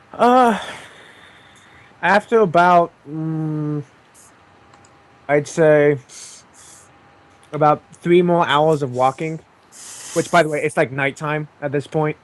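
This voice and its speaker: Guy gm-ing a tabletop game, kinda high voice, lots of ums and pauses. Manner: casual, halting with many ums. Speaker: game master.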